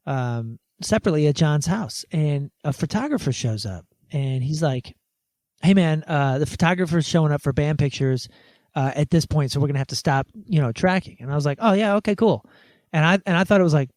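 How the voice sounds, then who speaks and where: A man guest on a podcast, telling a story in a casual, animated way and acting out the quoted conversations. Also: a little high, no room sound.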